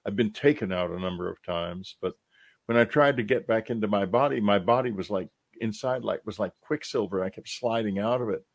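Low-voiced, thoughtful male host. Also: fairly quick, vocal fry. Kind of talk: casual interview conversation.

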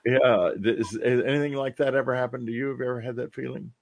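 A man's voice: medium pitch, steady tone, fast talker, gravelly. A man hosting a casual interview who asks questions and shares his own experiences in a thoughtful way. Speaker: host.

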